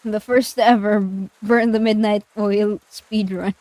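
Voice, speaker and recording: A woman's voice: medium pitch, steady tone, unhurried, a little mellow. A woman streamer playing a visual novel, reading the narration aloud in a playful, giggly way.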